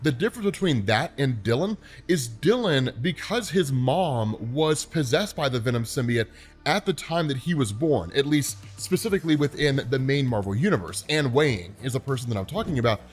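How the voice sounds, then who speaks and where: A man's voice: medium pitch, expressive, normal speed, breathy edge, soft background music. A man casually explaining a comic book story, chatty and dotting his talk with "right?" and "like".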